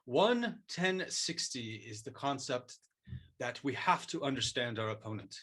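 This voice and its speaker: A man voicing a solemn martial arts master who lectures in a quiet, deliberate way. The voice itself is bright and pointed, and the delivery stays mock-serious and unhurried. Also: medium pitch. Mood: lecturing. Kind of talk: improvised comic role-play.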